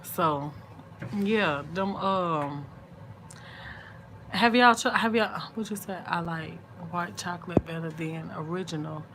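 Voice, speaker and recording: Woman, middle-aged, sleepy, chatty late-night vlog talk, lowish voice, faint hiss. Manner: chatty and drawn-out, soft and sleepy, murmured asides. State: sleepy, yawning. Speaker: vlogger on a late-night livestream. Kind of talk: casual late-night chat with viewers.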